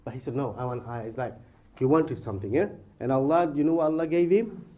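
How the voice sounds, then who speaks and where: Man, conversational religious talk, animated storytelling, fairly high voice, mellow tone. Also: fast. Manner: animated storytelling, acts out dialogue, casual fillers. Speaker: Islamic speaker.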